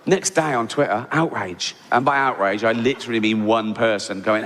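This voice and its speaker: Sarcastic English comedian in a big reverberant hall. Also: male voice, moderate pace, a bit bright, slight background noise. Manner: sarcastic, incredulous storytelling with mock-outraged high-pitched asides. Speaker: stand-up comedian. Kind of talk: stand-up comedy routine. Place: large theatre stage. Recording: live theatre with long reverb and audience.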